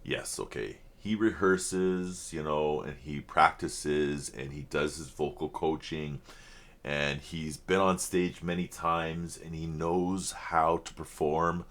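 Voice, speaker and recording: A man's voice: rumbling low, steady tone, takes it slowly, a bit bright. A man hosting a reaction video, talking casually in a rambling, apologetic and earnest way at his home computer setup.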